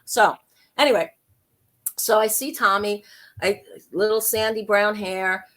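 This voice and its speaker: A woman guest on an interview show, telling a story in a lively, chatty way with quick asides. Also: medium pitch. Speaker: guest, intuitive life coach and medium.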